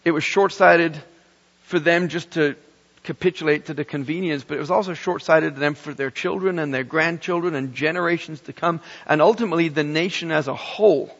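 A middle-aged male pastor preaches in a lively, storytelling way, with wry humorous asides. His voice sits somewhat high. The recording carries a long hall reverb and sounds a little dull. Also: fairly quick. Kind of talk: sermon.

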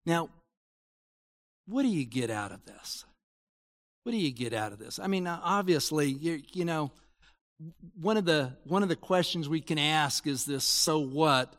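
A man preaching a sermon, his voice sitting high for a man. He talks slowly and earnestly, building to emphatic peaks, and the sound rings out through a hall with a long reverb. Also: lively intonation, a bit bright. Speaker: pastor.

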